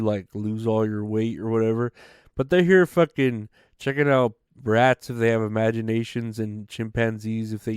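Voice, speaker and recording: A man's voice: fairly low pitch, a little mellow, clear, resonant tone, no echo, studio quality. Rambling, profane man hosting a podcast. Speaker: podcast host. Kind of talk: casual solo podcast rant.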